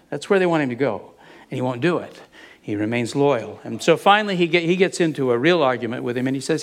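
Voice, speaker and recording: A man preaching a sermon, retelling a Bible story with animated storytelling and acting out the speakers he quotes. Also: medium pitch, quick pace.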